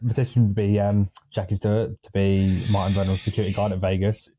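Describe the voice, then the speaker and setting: A man's voice: fairly low pitch, level tone, mellow, husky, no echo. A man co-hosting a podcast, bantering and joking in casual chat. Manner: jokey, quick banter. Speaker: podcast co-host.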